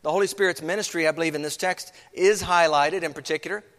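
A man's voice: on the high side, fairly even intonation, fast talker, fairly bright tone, long reverb tail. A man preaching a sermon as pastor, earnest, with many rhetorical questions.

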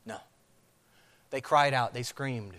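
A man's voice: medium pitch, takes it slowly, a bit bright. A man preaching a sermon on a scripture passage, acting out crowd chants. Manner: dramatic, acts out crowd chants. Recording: long hall reverb.

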